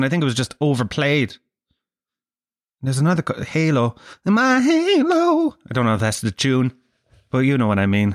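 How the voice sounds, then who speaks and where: A man's voice: medium pitch, dry recording, clean studio sound. A man ranting in a casual vlog, sweary and sardonic. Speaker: vlogger. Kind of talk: casual rant to camera.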